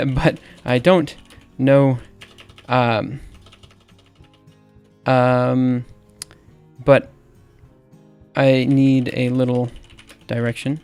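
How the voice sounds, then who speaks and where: A man's voice: medium pitch, level tone, a little mellow, clear, resonant tone. A man in his thirties from Alabama with a Southern accent, chatting casually on a livestream as he types, hesitant and full of fillers. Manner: halting, filler-heavy, laughs at himself. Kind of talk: casual livestream chat while typing. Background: faint music and keyboard typing.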